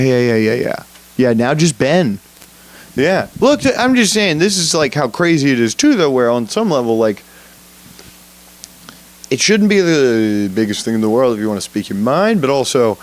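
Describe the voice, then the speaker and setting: A young man rambles through a casual solo podcast, swearing freely and laughing at himself. His pitch jumps around a lot, sitting mid-range for a man. His delivery is loose and unscripted. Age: young adult. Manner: profane, rambling, animated, laughs often. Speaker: podcast host.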